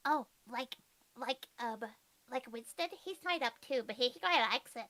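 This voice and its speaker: A woman's voice: high-pitched, expressive, moderate pace, a bit bright. A woman playing in a tabletop game, joking and playful. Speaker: player.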